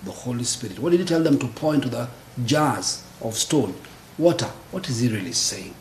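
Animated man preaching, echoey room. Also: mid-range voice, brisk, slight background noise. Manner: animated, rhetorical questions, affirms often. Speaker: co-host of a church teaching show. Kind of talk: preaching conversation. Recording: roomy echo.

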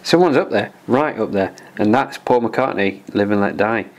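Chill podcast host guy, lower voice, keeps things moving. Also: expressive. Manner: brisk, moves the show along. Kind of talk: casual podcast chat.

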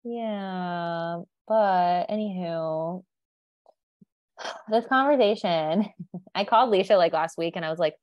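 A woman co-hosting a podcast in loose, candid chat, wandering from thought to thought and laughing as she goes. Her voice sits on the low side, recorded dry and close. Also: slow, pauses often, no echo, dull audio. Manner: candid, rambling, laughs often. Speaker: podcast co-host. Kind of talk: casual chat.

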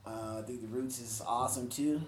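A speaker leading a casual group discussion, asking quick questions and giving short replies. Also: medium pitch, steady tone. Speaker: discussion leader. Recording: roomy with faint background noise.

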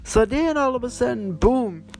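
A man with a gravelly, fry-laden voice chats casually as a podcast host, recapping what he has been reading and watching. His storytelling is animated and rambling, full of swearing and fillers, and he records on a phone. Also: very high voice, normal speed. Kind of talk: casual chat, retelling books and shows.

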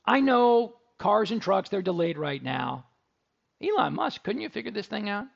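A middle-aged man hosts a radio talk show, telling stories in a chatty, joking way. His voice sits high and has a gravelly rasp. The recording sounds a little dull and lo-fi. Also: very animated, moderate pace. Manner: chatty, jokey storyteller. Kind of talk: casual radio talk and ad read.

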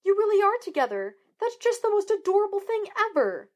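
A woman voicing an excited young female detective who screeches and gushes breathlessly. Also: very high voice, brisk, pitched above the performer's own voice. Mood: gushing. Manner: shrieking, breathless.

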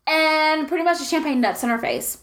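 A woman's voice: high voice, animated, brisk, very noisy. A young woman co-hosting a podcast, telling stories animatedly in casual gossip chat and swearing freely. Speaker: podcast co-host.

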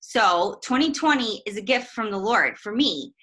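A woman's voice: mid-range voice, expressive, moderate pace, pushed and bright. A woman talking as a guest about faith and family life in a chatty, self-deprecating way, laughing often. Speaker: guest, minister's wife and mother. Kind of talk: casual faith conversation.

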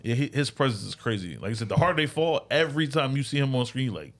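A man in casual podcast chat, slangy and animated, acting out quotes. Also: fast talker. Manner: animated, slangy, acts out quotes with big pitch jumps.

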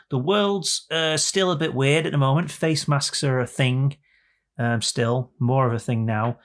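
A man's voice: mid-range voice, fairly even intonation, measured pace. A young man co-hosting a podcast in a jokey, rambling chat with playful repetition. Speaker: podcast co-host. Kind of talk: casual chat.

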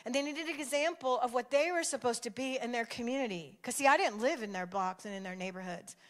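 A woman's voice: fairly high pitch, quick pace, a bit bright. A middle-aged woman preaching, telling a story with lots of animation and laughter. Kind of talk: sermon storytelling.

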